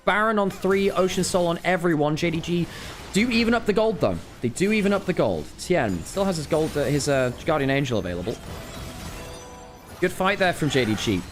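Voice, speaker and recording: Excitable esports caster, tired but fiery. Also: male voice, fairly high pitch, a little fast, soft background music. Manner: excitable, swings from calm analysis to loud exasperated outbursts; self-correcting, apologetic asides to viewers. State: tired from a long week. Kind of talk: live play-by-play commentary.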